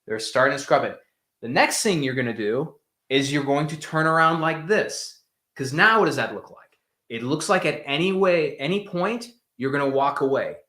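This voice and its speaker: A man's voice: on the high side, a bit bright. Emphatic man coaching with constant "right?". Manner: emphatic, demonstrates with role-play, frequent "right?" and "okay?". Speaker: medical sales coach. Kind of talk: casual instructional talk.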